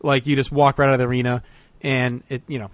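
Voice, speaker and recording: A man's voice: mid-range voice, little pitch movement, fast talker, no echo. A man co-hosting a podcast, telling a story in casual chat, swearing often and laughing as he talks. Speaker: podcast co-host.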